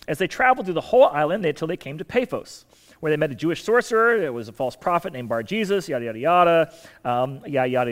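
A man delivering a sermon in a conversational teaching manner, with humorous asides and emphatic shifts in loudness. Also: fairly high pitch. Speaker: pastor.

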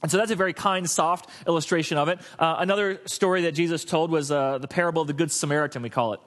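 A middle-aged man preaching a sermon as pastor, telling stories in an animated way and acting out the quoted lines. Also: a little high, fast.

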